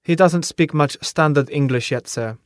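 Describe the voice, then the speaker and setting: A man's voice: on the high side, moderate pace, no echo, clean studio sound, pitched above the performer's own voice, lightly acted. A man voicing a polite, careful young male recruit with a German accent, speaking formally in an audiobook.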